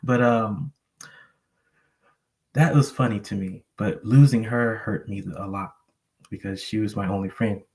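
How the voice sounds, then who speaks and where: A man's voice: fairly low pitch, fairly even intonation, unhurried, long pauses, darkish tone. A man sharing a personal story earnestly on a panel, rambling with many fillers. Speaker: panel guest.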